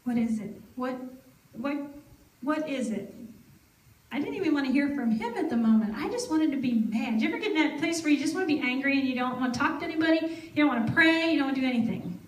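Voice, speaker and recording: A woman's voice: sits high, lively intonation, fast talker. A woman telling a personal faith story at a church service, acting out the dialogue as she goes. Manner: storytelling, acts out her own past dialogue. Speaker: gospel singer and speaker. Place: fairground event, outdoors. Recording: echoey from far off.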